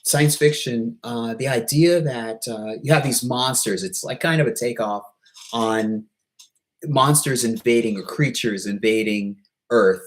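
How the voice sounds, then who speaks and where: A man talking in a casual vlog monologue, hesitant and halting, with many pauses, restarts and self-deprecating asides. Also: medium pitch, low-quality recording. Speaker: YouTuber.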